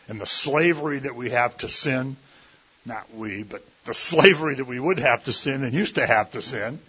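A man's voice: mid-range voice, pushed and bright, husky. Folksy preacher man, lo-fi. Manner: conversational, folksy, with many fillers and mimicked voices. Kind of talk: sermon. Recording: dull lo-fi recording.

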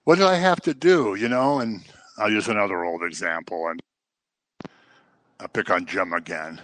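A man's voice: on the low side, moderate pace, fairly bright tone, no room sound. A man giving a conversational sermon as a pastor, acting out everyday examples to make his points. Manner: conversational teaching with acted-out examples.

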